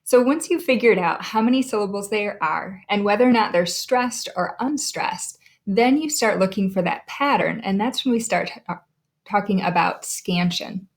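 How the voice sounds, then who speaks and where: A woman's voice: mid-range voice, lively intonation. Woman teacher sounding out syllables. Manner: clear, deliberate, sounds out names and syllables. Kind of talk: recorded classroom lesson.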